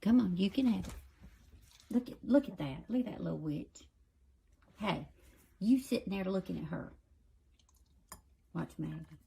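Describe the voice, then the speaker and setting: A woman's voice: on the low side, expressive, a little slow, gravelly, pauses often, mellow, a little hiss or hum. A woman filming at home with a phone camera, coaxing and scolding her dogs in pet-talk. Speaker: dog owner filming her pets. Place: home indoors.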